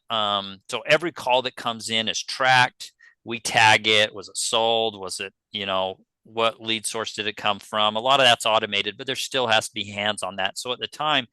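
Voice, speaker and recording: A man's voice: lowish voice, bright, forceful tone, clear, resonant tone, no echo, rough recording. A man, a podcast guest telling a business story casually and acting out the dialogue he quotes. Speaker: podcast guest, pest control business owner.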